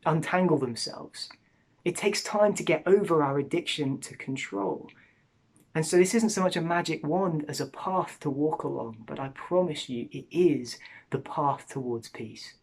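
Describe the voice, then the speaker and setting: A speaker giving an earnest evangelistic talk to students, pleading and dropping to a hush at times. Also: medium pitch.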